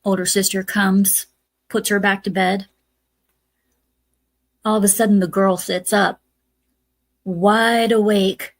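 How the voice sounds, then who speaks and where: A woman's voice: medium pitch, flat delivery, takes it slowly, pauses often, no echo. A woman hosting a casual movie review podcast, retelling scenes step by step with lots of "uh"s. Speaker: podcast host.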